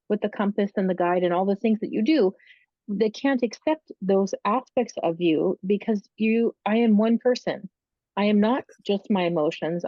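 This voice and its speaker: A woman co-host speaks earnestly and with emphasis at a middle pitch. Her sound is dull and lo-fi, as over a video call, and completely dry with no room. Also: no echo. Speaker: podcast co-host. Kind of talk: casual conversational talk.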